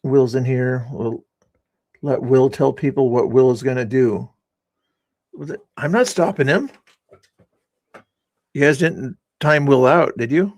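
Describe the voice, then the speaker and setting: Recorded dry, this male livestream host has a medium-pitched voice. His casual stream wanders as he needles his guests and chat in a sarcastic tone.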